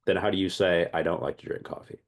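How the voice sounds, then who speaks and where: Man, very low voice, language teacher, thinks out loud, repeats himself. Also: quick pace. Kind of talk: online group class.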